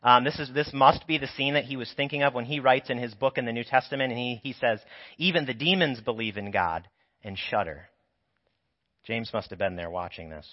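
A man's voice: medium pitch, quick pace, hardly any pauses. Man preaching with a sore throat. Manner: conversational, explanatory teaching. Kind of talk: sermon. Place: church sanctuary. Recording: dull lo-fi sound with long church reverb.

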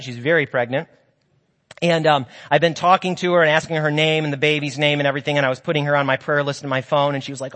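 A man with a high voice preaches a sermon, earnest and encouraging, weaving in personal stories and speaking to the congregation as friends. His voice rings out with a long reverb that carries through a church sanctuary. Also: a bit bright.

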